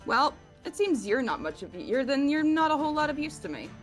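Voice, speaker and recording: A woman's voice: high-pitched, very animated, a little fast, faint music behind. A woman voicing a cranky, haughty old woman adventurer who rants. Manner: haughty, ranting.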